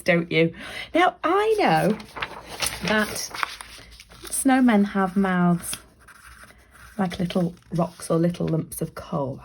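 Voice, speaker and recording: Lively, gravelly woman teaching drawing. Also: mid-range voice. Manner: chatty and encouraging, often drops to a soft whisper. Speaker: library staff member leading a craft activity. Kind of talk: chatty drawing tutorial for children.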